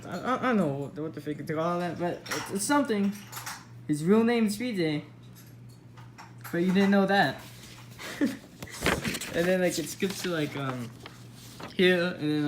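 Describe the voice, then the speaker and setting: A woman's voice: fairly low pitch, a little mellow, slight background noise. A woman casually rambling over her old story, mocking herself with lots of fillers. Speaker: vlogger.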